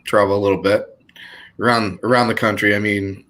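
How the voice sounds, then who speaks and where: A man's voice: on the low side, flat delivery, fairly quick, a bit bright. A man with a Boston accent, a guest on a casual livestream chat, easygoing and full of fillers. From Boston, United States. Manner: easygoing, laughs often, hesitant fillers.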